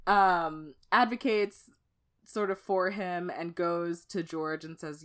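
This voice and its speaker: A woman's voice: lowish voice, steady tone, slow pace. A woman co-hosting a podcast, chatting casually about a TV show, laughing often and swearing now and then. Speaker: podcast co-host.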